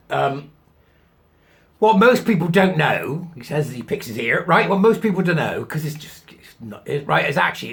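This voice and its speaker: A man's voice: a little high, vocal fry, fairly bright tone. A middle-aged man hosting his own show, talking in a chatty, sarcastic way and laughing at his own jokes. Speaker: host. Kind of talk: casual commentary.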